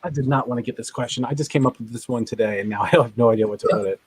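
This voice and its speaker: A man's voice: medium pitch, rapid-fire, slightly rough, low-quality recording. A man hosting a casual game night over a video call, joking and playful as he runs the rounds. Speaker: game show host.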